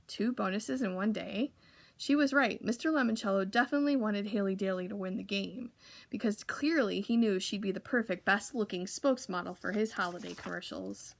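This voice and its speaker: A woman reading a children's novel aloud for a library, steady with occasional slips. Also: mid-range voice, fairly quick, creaky. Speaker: library reader.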